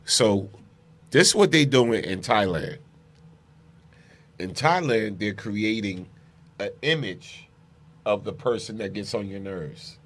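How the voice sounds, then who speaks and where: A man's voice: fairly low pitch, expressive, takes it slowly, pauses often, fairly bright tone, slight background noise. A man hosting a radio show, chatting in a slangy, playful way and often repeating himself. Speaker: radio host. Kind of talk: casual radio chat.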